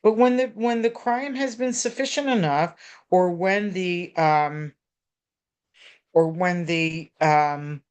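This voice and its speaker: A middle-aged woman therapist giving parenting advice in an animated, chatty way, full of restarts and asides. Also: on the low side, slow, smooth. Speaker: therapist in private practice. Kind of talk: conversational advice talk. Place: local community TV program.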